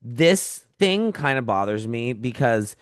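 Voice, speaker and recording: Pod co-host, male, animated pitch, dry close mic, teasing banter. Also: takes it slowly, clean tone, no room sound. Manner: playful, mock-outraged teasing. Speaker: podcast co-host. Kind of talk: casual chat.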